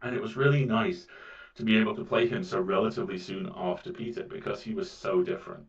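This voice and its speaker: A man with a British accent and a soft, mellifluous voice chats casually as an interview guest, often repeating words as he goes. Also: lowish voice, steady tone, fast. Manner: rambling, with frequent repeats of words. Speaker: voice actor guest. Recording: muffled, distant mic.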